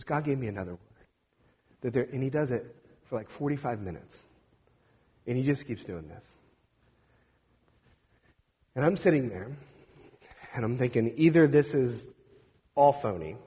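A male minister tells a story from the pulpit, hesitating and restarting, then slipping into the voices of the people he quotes. His voice has a husky edge and sits at a middle pitch. It is heard through a dull, lo-fi recording with a long hall reverb. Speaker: Presbyterian minister. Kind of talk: sermon storytelling.

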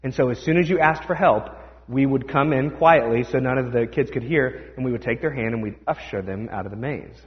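A man's voice: mid-range voice, a little fast. Man preaching in a reverberant church. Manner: conversational storytelling, animated quoting. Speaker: pastor. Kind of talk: sermon. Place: church sanctuary. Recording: dull sound with long hall reverb.

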